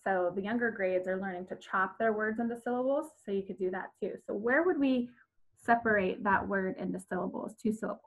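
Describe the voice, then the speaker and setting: A woman's voice: mid-range voice, brisk, rough recording. A woman teaching fourth graders in a remote class lesson, patient and repetitive, with frequent ums as she walks through each step.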